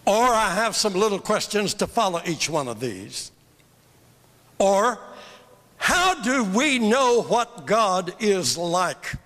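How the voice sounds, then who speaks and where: Older male preacher for a teaching sermon: high, lively voice, slow and fervent, with a long hall echo. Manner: emphatic, fervent, repeats phrases for emphasis. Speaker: evangelist teaching a seminar. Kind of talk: sermon-style seminar teaching. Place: church hall. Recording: long reverb of a large hall.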